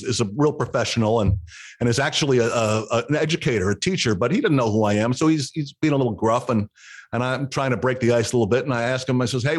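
An older man on a radio show telling a long story in casual chat, acting out the quotes with rising excitement. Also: medium pitch. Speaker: radio guest.

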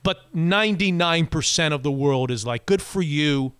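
Man hosting sports talk, slightly high voice, quick restarts, dry studio sound. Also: clear, resonant tone, no echo. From Florida. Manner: animated, quick back-and-forth, many restarts. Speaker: sports radio host.

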